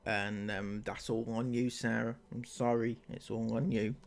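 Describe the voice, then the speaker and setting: A man's voice: on the low side, flat delivery, measured pace, gravelly. A man hosting a commentary video, speaking sarcastically and mockingly straight to the person in the clip. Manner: mocking, sarcastic, addresses the vlogger directly. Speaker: commentary channel host. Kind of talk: sarcastic commentary over clips.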